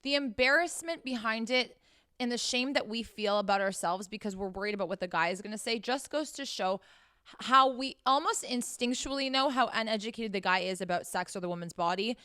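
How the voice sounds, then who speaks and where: A woman's voice: a little high, brisk, pushed and bright, clear, resonant tone, dry recording, clean studio sound. Brash, profane young woman giving advice. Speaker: podcast host giving sex advice. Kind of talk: blunt advice monologue.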